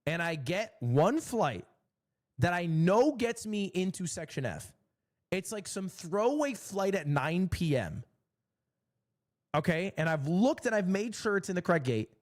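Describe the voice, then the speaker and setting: Sex: man. Role: streamer. Style: casual animated storytelling. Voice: somewhat high. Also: measured pace.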